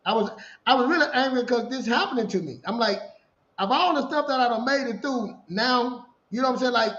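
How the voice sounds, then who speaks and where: A man's voice: very high voice, brisk. Man telling his story in a roomy, dull room. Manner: animated, repeats himself, laughs while telling. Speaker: podcast co-host sharing his story. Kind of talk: casual conversational storytelling.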